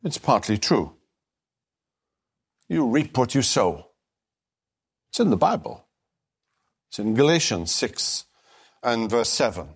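Deliberate, emphatic male Bible teacher. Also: medium pitch, very animated, gravelly, slightly rough. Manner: deliberate, emphatic, with slow stressed phrases. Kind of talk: recorded teaching lecture.

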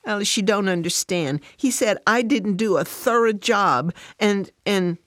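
A woman's voice: medium pitch, a little slow, a bit bright, dry recording, pitched above the performer's own voice, lightly acted. A woman voicing an upset working mother who turns defensive and sarcastic, close to tears.

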